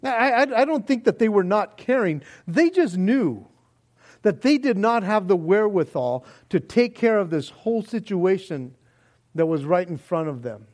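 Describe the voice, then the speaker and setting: A man preaching a sermon in a joking, animated way, acting out little prayers and voices as he goes. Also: high-pitched, normal speed. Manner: animated, jokey, acts out quoted prayers and voices. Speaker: pastor.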